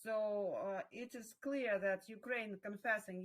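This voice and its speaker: A woman's voice: medium pitch, steady tone, measured pace, poor audio. A woman reading out a viewer's question as interviewer, hesitant with many fillers.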